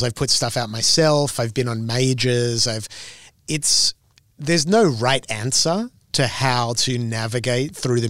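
A man's voice: mid-range voice, no echo, clean studio sound. A man who is a singer-songwriter, talking casually and thoughtfully in an interview, often restarting his sentences. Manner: rambling, self-correcting and thoughtful.

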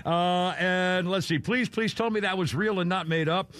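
A man's voice: sits high, normal speed, fairly bright tone, no echo. A man hosting a talk radio show, ranting in anger with mild swearing, often breaking off and starting over. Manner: angry, swearing, trailing off and restarting. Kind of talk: heated talk radio rant.

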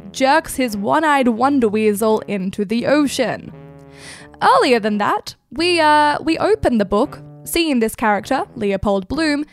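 A woman hosting irreverent literary commentary, speaking crudely and laughing often as she talks. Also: a little high. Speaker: host.

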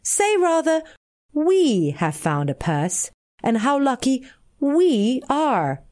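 A woman reading the part of a wise male traveling companion in a fable, measured and lecturing. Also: extremely high pitch, big pitch swings, heavily acted.

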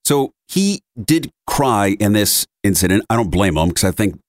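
Guy in his 30s on a podcast mic, super animated, jumps all over the place telling a story, dry close sound. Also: on the low side, moderate pace, no room sound. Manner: animated storyteller, acts out quotes in big voices. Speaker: podcast co-host. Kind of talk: casual chat. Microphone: studio mic at a console.

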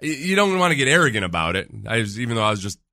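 A man co-hosting a casual sports talk show, arguing his points with animated energy and breaking into mocking voices for jokes. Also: medium pitch, rapid-fire, dry recording, clean studio sound. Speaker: sports radio co-host.

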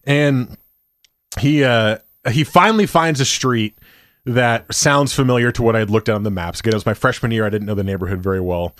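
A young man in casual conversation, telling an animated story and acting out what his friends said. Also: mid-range voice, brisk, no echo. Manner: animated storyteller, acts out quotes.

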